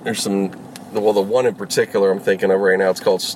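A man's voice: sits low, level tone, fast talker, background noise. A man rambling casually while vlogging from inside his car as a rideshare driver, full of fillers, restarts and swearing. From Los Angeles.

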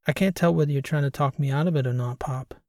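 A man voicing a quiet, dutiful grown son who speaks softly and earnestly, in an audiobook reading. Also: on the high side, fast, dry recording, clean studio sound, close to an everyday voice.

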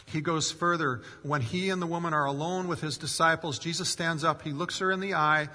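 A man's voice: a little high, steady tone, brisk, bright, forceful tone. A male pastor preaching a sermon in an earnest way, rising in force for emphasis and acting out quoted voices. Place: church sanctuary. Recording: long hall reverb.

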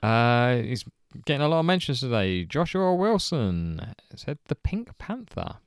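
A man co-hosting a podcast, his voice smooth and clear as he reads listener answers with a wry, understated edge. The recording is close and dry. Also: mid-range voice, big pitch swings, unhurried, no room sound. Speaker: podcast co-host. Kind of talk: casual chat, reading listener answers.

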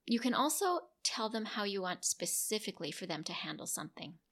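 A middle-aged woman calmly teaching parents, acting out gentle sample talks to a child. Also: mid-range voice, fairly quick. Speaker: parenting educator. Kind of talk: instructional talk to parents.

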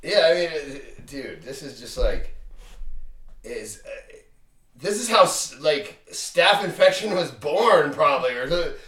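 A man's voice: a little high, sing-song, measured pace, pushed and bright, recorded from a distance. Rambling man, off-mic, echoey room. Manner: loose, rambling, crude, says dude and like. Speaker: podcast co-host. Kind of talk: casual podcast chat. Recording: roomy sound, a little off the mic.

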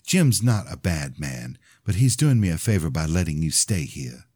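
A man's voice: very deep voice, moderate pace, slightly rough, dry recording, studio quality, full character voice. A man reading a firm, caring aunt. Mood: gentle. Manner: firm, calm, coaxing. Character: firm but caring middle-aged aunt.

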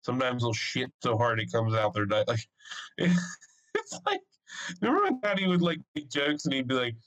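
A man's voice: mid-range voice, moderate pace, low-quality recording. A young man co-hosting a podcast, telling a story in casual chat with swearing and frequent laughs. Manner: animated, swearing, laughs often. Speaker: podcast co-host.

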